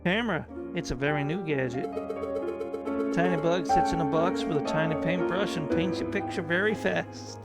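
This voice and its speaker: A man voicing a naive young noble bird lady in a put-on French accent, talking in a high, girlish way. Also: normal speed, over loud music, close to an everyday voice. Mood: naive, chatty.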